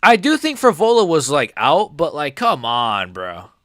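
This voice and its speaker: A young man streaming a live MMA reaction, excitable and swearing, calling everyone "bro" and swinging between shouted outrage and quiet muttering. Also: a little high, measured pace, no room sound, studio quality. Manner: excitable, swears a lot, says "bro" often. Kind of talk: live fight reaction commentary.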